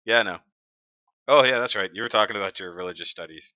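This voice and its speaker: Bright-voiced man, chatty stream host. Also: lowish voice, quick pace, no echo. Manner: chatty, reads comments aloud, joking. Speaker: livestream host. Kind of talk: casual live-stream chat. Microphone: desk mic. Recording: dry, dull lo-fi sound.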